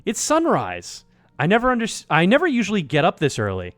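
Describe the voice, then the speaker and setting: Faint music sits behind a gaming streamer whose high voice moves at a slightly brisk pace with no room sound. He's animated and jokey, reading the game aloud and swearing frequently.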